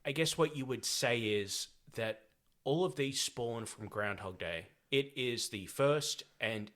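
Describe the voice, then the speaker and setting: An Australian man hosts a casual podcast about films, his voice bright and forceful. He talks in a chatty, joking way, mixing asides and gags into the discussion. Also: medium pitch, slow pace. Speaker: podcast host. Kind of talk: casual film-chat podcast.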